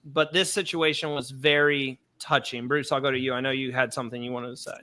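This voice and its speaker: A man's voice: medium pitch, fairly even intonation, fairly quick, sharp tone. A man hosting a podcast discussion, speaking carefully and measuredly, choosing his words with respect. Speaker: podcast host.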